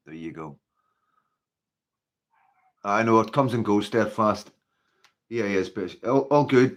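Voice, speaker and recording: A man with a Northern Irish accent hosting a casual livestream, chatting to viewers and greeting them by name in a rambling, filler-heavy way. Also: low voice. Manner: chatty, rambling, with frequent fillers like "you know" and "like". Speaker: livestream host.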